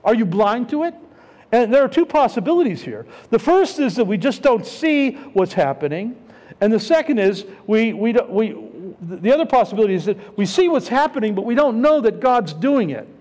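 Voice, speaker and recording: Middle-aged pastor, high animated voice, chatty sermon full of questions to the room. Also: male voice, fairly quick. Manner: conversational, repeats himself, asks the congregation questions. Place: church sanctuary. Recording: long hall reverb.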